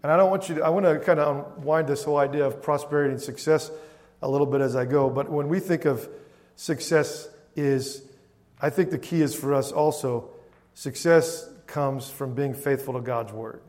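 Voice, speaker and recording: Long hall reverb surrounds this sermon, preached by a man whose slightly high voice has a darkish tone and moderate pace. As pastor, he frequently calls "Amen?" out to the congregation.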